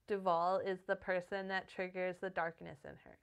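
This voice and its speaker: A woman's voice: on the low side, moderate pace, smooth. A woman in her thirties co-hosting a book podcast, chatting casually, swearing freely and acting out the voices in the stories she retells. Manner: animated storytelling, swears freely, acts out quoted voices. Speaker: podcast co-host.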